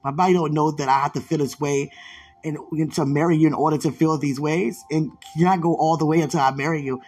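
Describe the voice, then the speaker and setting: A man speaking an emotional monologue to a loved one, laughing and at times dropping into hushed murmurs. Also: a little high, fairly even intonation, fast, husky.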